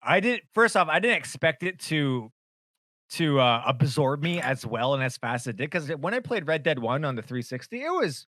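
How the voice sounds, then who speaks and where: A man co-hosting a podcast, telling game stories in a casual, animated way with laughter and swearing. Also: on the high side, moderate pace, no echo, studio quality. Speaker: podcast co-host. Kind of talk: casual chat about video games.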